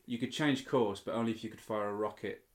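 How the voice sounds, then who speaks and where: Man, podcast co-host, casual chat, measured, explains with pauses and fillers. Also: lowish voice, fairly even intonation.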